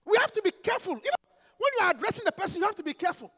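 A man, a pastor preaching an emphatic, animated sermon full of rhetorical questions. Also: very high-pitched, rapid-fire, big-room sound.

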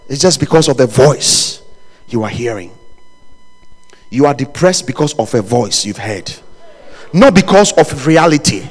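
A man preaching a sermon as pastor, swinging from quiet low passages to loud, shouted lines, with jokes and laughter for the congregation. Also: unhurried, pauses often, big-room sound. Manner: animated, rising to shouts and dropping low.

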